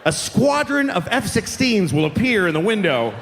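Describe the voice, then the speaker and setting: Animated male stand-up comic in a hall. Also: sits high, moderate pace, slight background noise. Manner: animated, acts out characters and sound effects. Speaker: stand-up comedian. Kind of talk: live stand-up comedy. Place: large live comedy venue. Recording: reverberant live venue with faint ambience.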